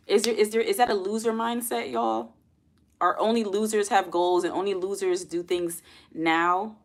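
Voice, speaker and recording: With a medium-pitched, steady voice at normal speed, a young adult woman hosts a laid-back livestream. She chats with viewers, calling them y'all and asking her chat questions.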